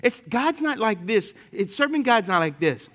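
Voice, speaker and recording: Male pastor, fairly high voice, lively storytelling sermon, jokes with the room, big swings in volume. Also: moderate pace. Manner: lively storytelling with humor, speaking to the congregation; swings from loud emphatic points to quiet, low asides.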